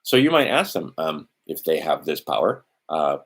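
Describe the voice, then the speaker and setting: With a very deep voice and big swings in pitch, a man speaks at a moderate pace while hosting a livestream. He rambles casually and bluntly, swearing now and then and talking to himself as he scrolls documents.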